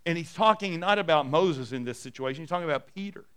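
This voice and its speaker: A middle-aged male pastor preaching a sermon and telling stories, dropping soft and low for quoted lines. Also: animated, quick pace, smooth.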